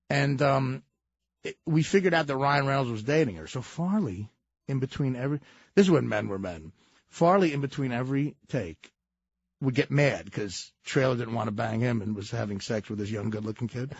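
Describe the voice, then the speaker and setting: A man co-hosting a radio talk show, telling stories in a casual, animated way and laughing as he goes. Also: medium pitch, moderate pace, slightly rough, no room sound, lo-fi sound. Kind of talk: casual storytelling.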